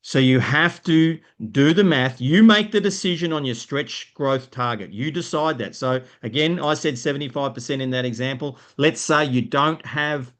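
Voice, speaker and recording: Energetic Australian man coaching business. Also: a little high, normal speed, hardly any pauses. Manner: energetic, explanatory, frequent rhetorical "right?". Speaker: business coach co-hosting a live stream. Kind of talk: live stream business teaching.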